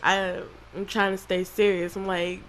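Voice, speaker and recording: A woman with a Southern country accent, crying through a halting, emotional confessional vlog with many restarts. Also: medium pitch, steady tone, fairly bright tone, a little hiss or hum, low-quality recording. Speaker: channel creator.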